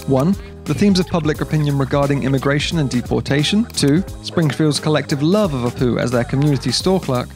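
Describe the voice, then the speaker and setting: A man narrating a scripted video essay in a measured, explanatory way. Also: fairly high pitch, a little mellow, soft background music.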